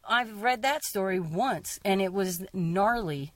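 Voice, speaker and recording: A woman who fishes commercially, chatting casually and reading her own story aloud, with lively jumps in pitch when she quotes people. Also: slow, hardly any pauses, dry recording. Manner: lively, mimics other people's voices with sharp pitch jumps. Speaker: commercial fisher and zine publisher.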